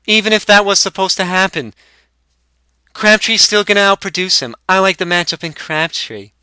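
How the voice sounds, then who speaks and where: A man's voice: sits high, moderate pace, sharp tone, clear, resonant tone, no echo, voice pushed up. A young man voicing a cocky, profane stoner who trash-talks smugly. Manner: smug, crude trash talk.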